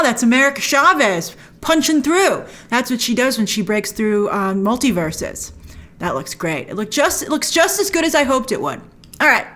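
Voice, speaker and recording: A woman's voice: fairly high pitch, fairly bright tone. A woman hosting a film trailer review show, chatting through a breakdown with enthusiastic, playful asides. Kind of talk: casual trailer breakdown commentary.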